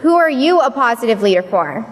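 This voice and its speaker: A woman's voice: a little high, very animated, a little fast. A young woman giving a personal story speech at a church service, acting out what people said along the way. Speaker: youth speaker at a church service. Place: large worship hall. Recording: long reverb of a large hall.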